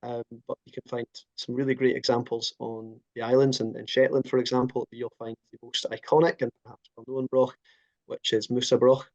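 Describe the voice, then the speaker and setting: A male interview guest from a heritage project, explaining in a measured, thoughtful way with frequent ums. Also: medium pitch, flat delivery, darkish tone, dull audio.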